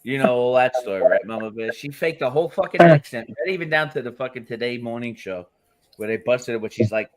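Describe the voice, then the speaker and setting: A man's voice: medium pitch, animated, brisk, a loud crowd. A man co-hosting a live panel show in casual, profane, rambling chat, laughing often. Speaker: podcast co-host.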